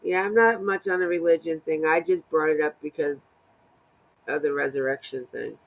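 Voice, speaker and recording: Laid back woman streamer, gravelly voice, dull mic with a bit of hum. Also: low-pitched, moderate pace. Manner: laid-back, laughs easily. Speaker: co-host. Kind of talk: casual live-stream chat.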